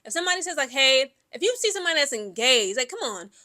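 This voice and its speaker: A young adult woman talks through her opinions, animated and opinionated, with plenty of filler words. Her voice sits high and sounds bright and forceful, with a lively, chatty delivery. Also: fast talker. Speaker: commentary vlogger. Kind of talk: casual opinion commentary.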